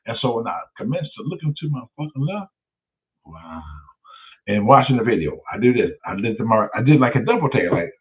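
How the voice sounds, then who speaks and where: A man hosting his own show, telling stories in a profane, animated way. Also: mid-range voice, brisk. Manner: profane, animated, loud storyteller. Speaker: show host. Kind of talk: casual livestream storytelling. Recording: tinny phone-like sound.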